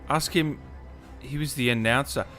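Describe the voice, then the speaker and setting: A man's voice: medium pitch, moderate pace, sharp tone, faint music behind. A tired Australian man hosting a casual live gaming stream, reading viewer comments aloud and answering them in a laid-back way. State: tired, just woke up.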